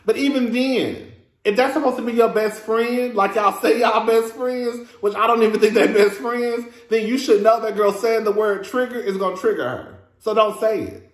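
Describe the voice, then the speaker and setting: A man's voice: high-pitched, moderate pace, roomy sound. A man, hosting a casual review vlog in a sassy, chatty way, calling listeners "girl" and laughing often. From Texas. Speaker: reality TV reviewer, host.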